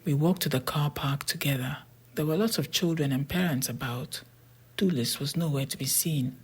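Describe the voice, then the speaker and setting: A breathy, husky narrator reads a storybook aloud in a steady, even way. The voice often drops to a near whisper, with pitch sitting in a middle range. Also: moderate pace. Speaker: audiobook narrator.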